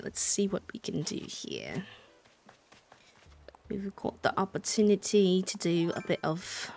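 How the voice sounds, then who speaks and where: A woman's voice: fairly low pitch, slight background noise. Bubbly young woman streamer. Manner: bubbly, thanks viewers, drops to soft whispers at times. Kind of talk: casual live-stream chat while gaming.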